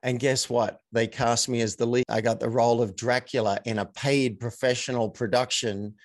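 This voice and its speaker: A man, a coach and actor, telling stories as a podcast guest in a measured, reflective way. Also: medium pitch, little pitch movement, no room sound. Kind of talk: casual interview chat.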